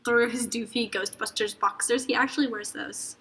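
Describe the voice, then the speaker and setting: A young woman reads fan fiction aloud among friends, breaking in with crude jokes. Her voice is a little high and very bright. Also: steady tone, moderate pace, low-quality recording. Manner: crude, joking asides. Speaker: reader.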